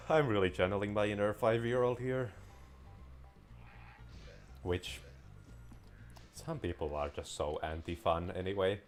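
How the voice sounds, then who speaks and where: A man's voice: fairly low pitch, steady tone, unhurried, pauses often, faint music behind. A man giving casual, playful gameplay commentary as a gaming video creator, rambling and joking as he plays. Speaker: gaming YouTuber.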